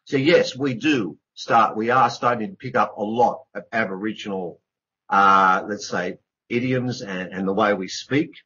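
A man's voice: fairly low pitch, a little slow, pushed and bright, husky. A middle-aged man, an author speaking as a radio interview guest, earnest and emphatic, repeating words for stress. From Australia. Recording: dull lo-fi radio recording.

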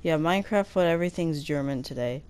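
A woman hosting a gaming channel, chatting casually as she plays, breaking into excited squeals and slowly sounding out foreign words. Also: sits low, smooth. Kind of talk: casual gameplay commentary.

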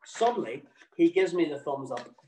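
A man's voice: medium pitch, lively intonation, moderate pace, a little mellow, roomy sound, recorded from a distance, a little hiss or hum, poor audio. Wry man telling a story. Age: middle-aged. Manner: dry, wry, mock-exasperated. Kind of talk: personal story read aloud to an audience.

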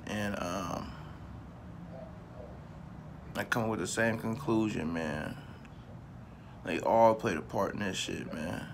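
A man's voice: fairly low pitch, slow, pauses often, noisy background. A man vlogging in a casual, profane rant, repeating himself for emphasis and talking straight to his viewers. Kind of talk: casual ranting commentary to camera.

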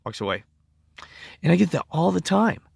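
A hoarse man talks in a loose, wandering monologue, his voice gravelly and raspy. His pitch swings a lot as he acts out other people's replies. The recording is dry and close. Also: very animated, normal speed, a little mellow, no room sound. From United States. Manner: rambling, acts out quoted conversations. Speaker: vlogger. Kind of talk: casual rambling monologue.

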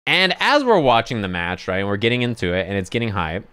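A man telling a lively anecdote on his stream in casual chat, sometimes acting out other people yelling. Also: quick pace, clear, resonant tone, no echo. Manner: animated anecdote, acts out others yelling in high pitch.

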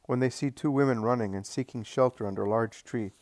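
A man reading a devotional story aloud in a calm, unhurried way, with the odd slip and restart. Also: mid-range voice, no echo. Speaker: audiobook reader. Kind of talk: devotional scripture-style reading.

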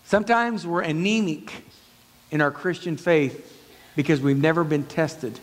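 Male pastor preaching in a reverberant church. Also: measured pace. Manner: storytelling, acts out quoted dialogue with pitch swings. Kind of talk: sermon. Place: church sanctuary. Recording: long church hall reverb.

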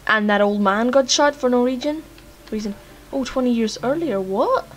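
A woman's voice: a little high, moderate pace, a little hiss or hum. A young woman with a Lithuanian accent, a native Lithuanian speaker doing let's-play commentary, laughing, swearing and joking at the screen. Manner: loud, giggly, cursing, joking at the screen. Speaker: gamer.

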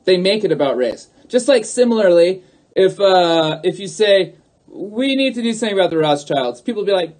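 A man's voice: high-pitched, very animated, moderate pace, darkish tone. A man talking straight to his viewers on a livestream, emphatic and repetitive, calling out to them again and again. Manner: emphatic, repeats himself, keeps calling out to viewers. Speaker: livestream host. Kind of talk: livestream monologue.

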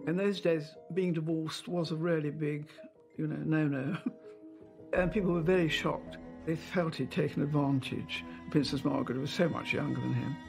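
A woman's voice: low voice, steady tone, normal speed, creaky, music in the background. An older English woman recalling memories in an interview, telling anecdotes and acting out voices. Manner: anecdotal, acts out remembered voices. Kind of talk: reminiscing interview.

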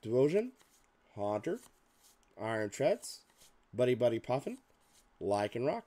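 A man hosting a card-opening video, reading card names aloud in a list with casual muttered asides, slightly hoarse and clearing his throat. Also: mid-range voice, sing-song, unhurried, warm tone. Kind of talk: casual pack-opening commentary.

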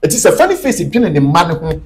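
A man's voice: fairly high pitch, huge pitch swings, a little fast. A man with a Ghanaian accent, speaking as an interview guest in an emphatic, preachy way and mixing Twi and English. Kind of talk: animated interview talk.

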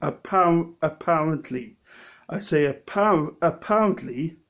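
A tipsy man with a Welsh accent talks to the camera in a casual tasting vlog. His voice sits a little high, and he speaks slowly. He rambles, trips over his words and starts his sentences again. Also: lively intonation, a bit bright, muffled recording. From Wales. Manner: rambling, halting, with many restarts. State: a bit drunk. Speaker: lay preacher vlogger.

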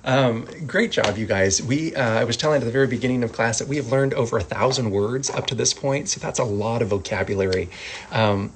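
A man teaching sign language vocabulary, calmly repeating each word and adding gentle asides. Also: medium pitch, fairly quick, a little hiss or hum, rough recording. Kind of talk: slow vocabulary lesson.

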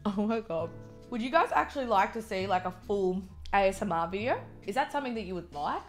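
A woman's voice: mid-range voice, expressive, brisk, faint music behind. A young Australian woman chatting casually while eating on camera, filling her talk with "like" and working herself up into a heated rant. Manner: chatty, peppered with "like", gets heated and ranty. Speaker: mukbang vlogger.

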